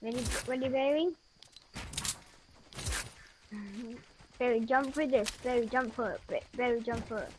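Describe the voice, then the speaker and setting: A woman chatting casually while playing a video game, excitable and rambling, often laughing and gasping. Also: a little high, unhurried, pauses often. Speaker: gameplay commentator. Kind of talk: casual let's-play chatter. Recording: noisy background with clicking.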